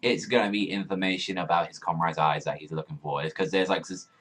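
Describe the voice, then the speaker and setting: Excitable, profane young man rambling. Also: low-pitched, fast. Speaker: manga reaction host. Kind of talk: casual reaction commentary.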